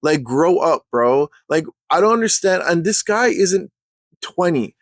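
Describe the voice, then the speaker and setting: A man in a casual storytime rant, heated and slangy, clearly exasperated. His voice sits a little high for a man, and the recording is close and dry with no room sound. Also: lively intonation, measured pace, no echo. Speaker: vlogger telling a story.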